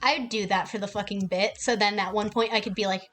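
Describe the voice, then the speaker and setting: A woman's voice: mid-range voice, steady tone, quick pace, few pauses, soft background music. A woman streaming a game, ranting casually with heavy swearing. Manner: profane and heated.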